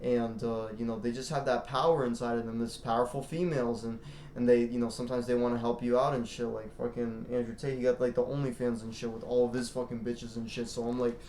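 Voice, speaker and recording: A man's voice: mid-range voice, little pitch movement, fast talker, darkish tone, roomy sound, slight background noise. A man ranting casually as a vlogger, rambling and boastful, swearing constantly. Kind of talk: casual rant to camera.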